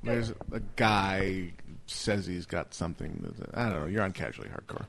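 A man's voice: low-pitched, normal speed, vocal fry, a bit bright. A man hosting a call-in radio show, joking and teasing in casual banter.

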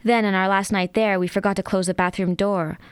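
A woman reading aloud from a novel, voicing a blunt adult woman friend who calmly lays down boundaries. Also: mid-range voice, brisk, smooth, no room sound, close to an everyday voice. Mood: matter-of-fact.

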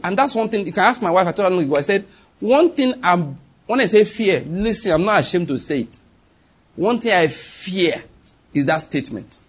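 A middle-aged man, preaching an animated sermon with sudden leaps in pitch and acted-out dialogue. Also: fairly quick, husky. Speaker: pastor.

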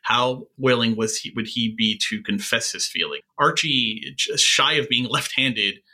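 A man with a very bright, forward tone that cuts through clearly, talking over a TV episode with his co-host. He thinks out loud, pausing on fillers and restarting phrases as he works through each scene. His pitch sits in an everyday middle range. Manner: thoughtful, halting with frequent fillers. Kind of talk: casual recap discussion of a TV episode.

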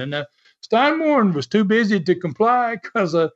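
A man's voice: sits high, expressive, a little slow, fairly bright tone. A man as an interview guest, telling a story in a casual, chatty way and laughing often. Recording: dull lo-fi sound.

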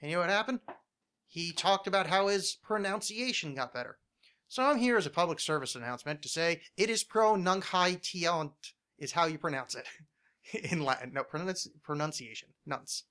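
A man hosting a podcast, talking casually and ranting with plenty of swearing. His voice is bright and forceful and sits a little high for a man. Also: expressive, fairly quick. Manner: ranting, swears a lot, many restarts. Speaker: podcast host.

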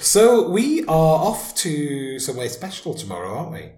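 Podcast co-host, man in his fifties, mid pitch, expressive, wry and giggly, echoey room. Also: normal speed. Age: 50s. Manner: chatty, wry, laughs often. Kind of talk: casual chat.

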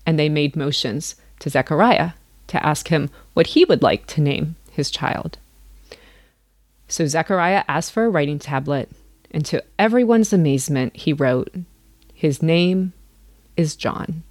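A woman vlogger reading scripture aloud in an unhurried, earnest way. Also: deep voice, lively intonation, darkish tone, no echo.

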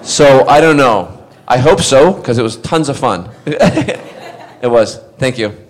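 A man's voice: mid-range voice, animated, takes it slowly. Middle-aged male actor, chatty fan Q&A storyteller, laughs a lot, rambles and restarts lines. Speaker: actor answering fan questions. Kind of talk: anecdotal convention Q&A.

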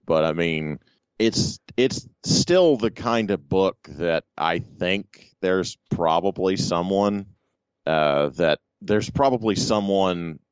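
A man's voice: low-pitched, smooth, dry recording, muffled recording. A man co-hosting a podcast, giving blunt, stubborn, contrarian opinions on comics in casual chat. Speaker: podcast co-host.

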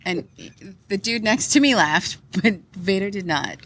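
A woman's voice: mid-range voice, expressive, a little slow, a bit bright, a little hiss or hum. A woman co-hosting a podcast live at a convention, chatting eagerly with lots of fillers and giggles. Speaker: podcast co-host. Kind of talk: casual chat recorded live at a convention. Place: convention hall behind a curtain.

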